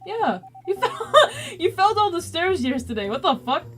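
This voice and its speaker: A woman's voice: very high-pitched, big pitch swings, normal speed, faint music behind, pitched above the performer's own voice. A woman voicing a smug, teasing male talking dog from a story game, reading his lines in a brash, playful way.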